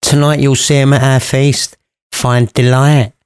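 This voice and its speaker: A man's voice: medium pitch, flat delivery, unhurried, clean tone, no room sound, studio quality, pitched above the performer's own voice, close to an everyday voice. A man voicing a bossy, impatient noblewoman mother in a comic storybook retelling, formal and commanding.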